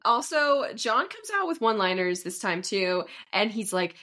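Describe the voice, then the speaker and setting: A woman co-hosting a podcast, chatting casually about a reality show and acting out quotes with laughter. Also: moderate pace. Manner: animated, laughing, acts out quotes in a high voice. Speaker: podcast co-host. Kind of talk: casual recap chat.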